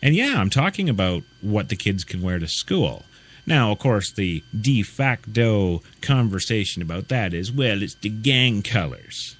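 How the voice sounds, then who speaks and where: A man's voice: on the low side, big pitch swings, measured pace. A man hosting a talk radio show, ranting in an indignant, sarcastic way full of rhetorical questions. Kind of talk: ranting opinion commentary.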